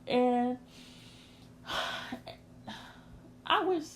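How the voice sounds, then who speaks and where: A woman's voice: sits high, drawn-out words, slight background noise. A young woman hosting a podcast, confiding a personal story in an emotional, candid rant and speaking straight to her listeners. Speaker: podcast host.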